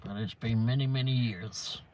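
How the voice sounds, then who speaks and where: Riding around town in a car, an English man hosts a casual livestream, rambling while he reads live comments and answers viewers by name. He speaks at normal speed in a mid-range, darkish voice, and the poor audio has a little hiss or hum.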